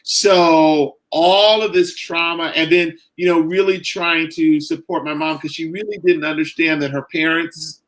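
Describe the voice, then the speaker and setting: A middle-aged man, a caregiver and author, talking earnestly in a podcast interview, halting and full of "you know" and "like". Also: fairly high pitch, level tone, fairly bright tone, poor audio.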